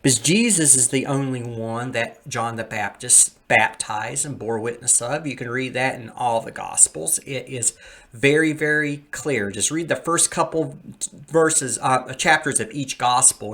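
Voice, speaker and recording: A man's voice: medium pitch, a little slow, a bit bright. A man hosting a podcast, teaching a Bible passage step by step over a screen share in an explanatory, reassuring way.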